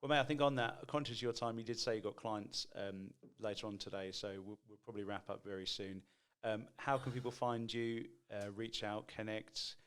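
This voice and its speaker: Man, podcast host, low voice, rambling friendly questions. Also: brisk, few pauses, fairly bright tone, smooth. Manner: friendly, rambling questions, calls guest mate. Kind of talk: casual podcast interview.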